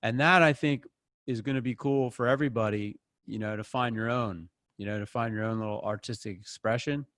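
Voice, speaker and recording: A man teaching an online acting class in a casual, animated way, breaking into voices when he quotes people, speaking close into a microphone. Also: mid-range voice, brisk, no echo.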